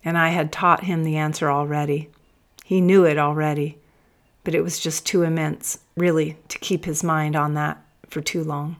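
A woman's voice: deep voice, flat delivery, normal speed. A woman giving first-person audiobook narration with intense, emphatic storytelling.

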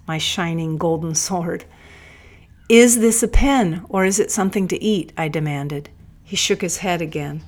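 A woman narrates a first-person story in a low voice. Her delivery is intense and emphatic, leaning hard into the dramatic moments.

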